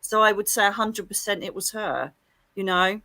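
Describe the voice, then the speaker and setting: Speaking at medium pitch and a moderate pace, the middle-aged psychic medium tells animated stories as a livestream guest, her bright, forward voice bursting with exclamations in casual chat. The sound is dry and close, with no space around it.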